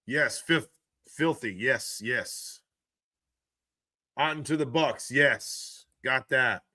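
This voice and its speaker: A hoarse man hosting a casual live stream about football news, excitable and laughing often as he reads the chat aloud. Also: mid-range voice, very slow, no echo, studio quality. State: hoarse from screaming.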